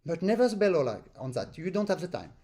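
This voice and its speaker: A man with a notably high voice leads an online accordion master class. He is earnest and demonstrative, and he hammers points home by repeating them. He breaks into sung rhythm syllables to show a phrase. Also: big pitch swings, quick pace. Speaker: accordion teacher. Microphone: online lesson stream.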